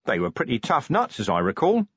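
A man voicing a gruff, weary middle-aged police commander who talks bluntly and grumpily in an audiobook. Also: mid-range voice, wildly swooping pitch, a little fast, fairly bright tone, no echo, highs cut off, pitched above the performer's own voice, full character voice. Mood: grumpy.

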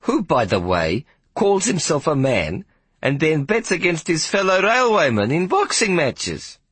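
A man voicing a loud, coarse and bossy big woman who curses theatrically and orders people around, in an audiobook. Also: a little high, very animated, unhurried, husky, no echo, full character voice. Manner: foul-mouthed, imperious, theatrical complaining. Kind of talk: audiobook character voice.

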